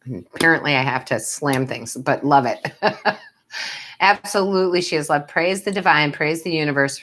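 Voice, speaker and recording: A tarot reader and medium does readings on a live stream, her voice low and slightly bright at an ordinary speed. She chats with viewers, calling them love and sweetheart, and laughs a lot.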